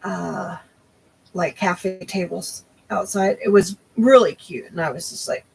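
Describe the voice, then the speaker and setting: A woman's voice: fairly low pitch, a little slow, creaky, darkish tone, husky, rough recording. A young woman hosting a crochet livestream, chatting casually with viewers and often losing her train of thought.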